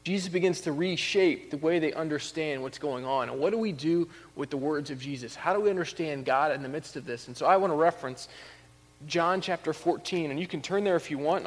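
Male preacher, fairly high voice, conversational sermon with emphatic peaks, long hall reverb. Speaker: pastor.

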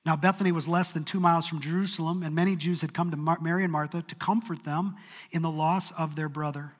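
A man preaching a sermon in a church, expressive and dramatic in his delivery. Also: fairly high pitch, quick pace, in a large hall. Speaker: pastor.

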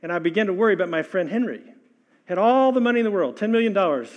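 An older man preaching a sermon as pastor, impassioned, swinging between loud exhortation and hushed, soft lines. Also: high-pitched, expressive, fast, highs cut off.

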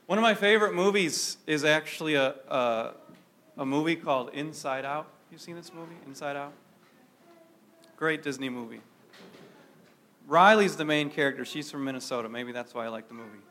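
A man's voice: fairly high pitch, moderate pace, sharp tone. A man preaching a sermon to a congregation in a conversational way, often asking his listeners questions. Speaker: pastor.

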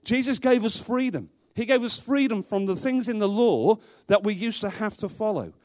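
High-voiced man preaching emphatically. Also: expressive, moderate pace, a little mellow. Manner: emphatic, repeats rhetorical questions. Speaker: pastor. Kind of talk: sermon. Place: church, before a congregation.

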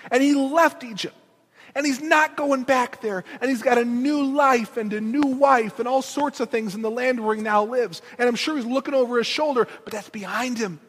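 A man's voice: very high-pitched, normal speed, a bit bright. A male preacher giving an emphatic, conversational sermon and addressing the congregation directly, recorded in a large hall. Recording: long hall reverb.

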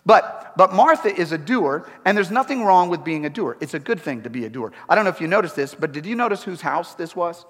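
A male pastor preaching a sermon in an animated style, repeating himself and throwing in humorous asides. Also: sits high, brisk, hardly any pauses. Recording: echoey hall.

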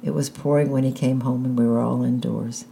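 A woman calmly reading a children's novel aloud in the first person, unhurried. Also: very deep voice, creaky, a little hiss or hum. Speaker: audiobook reader.

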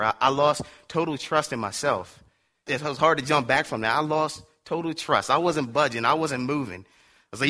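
A man giving a casual sermon, telling stories in an animated, laughing way with slang like "dude" and "man". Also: medium pitch. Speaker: preacher.

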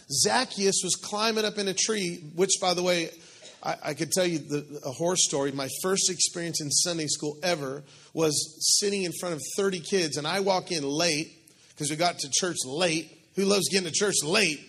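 A man preaching a sermon in a conversational, joking, animated way, talking to the congregation with asides and humor. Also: high-pitched, normal speed, slightly rough. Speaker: pastor.

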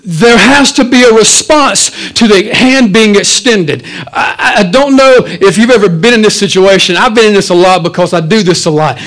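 A man, the pastor, preaching a sermon in a church, swinging between loud, animated stretches and quiet asides. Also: sits high, moderate pace, few pauses, low-quality recording.

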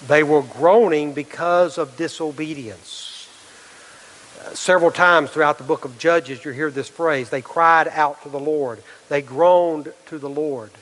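A middle-aged man preaches with earnest conviction, often stopping to ask his listeners questions and restarting his sentences. His voice sits a little high for a man. It rings out with the long reverb of a large church hall. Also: measured pace, fairly bright tone. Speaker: pastor. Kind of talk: sermon.

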